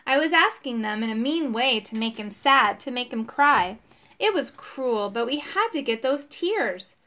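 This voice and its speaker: A woman narrating a children's chapter book aloud, expressive and voicing the characters. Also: on the high side, a little slow. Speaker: audiobook narrator. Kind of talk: children's audiobook reading.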